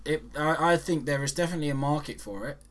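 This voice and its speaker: A man, co-hosting a casual comedy chat with quick, sweary banter. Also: on the high side. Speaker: podcast co-host.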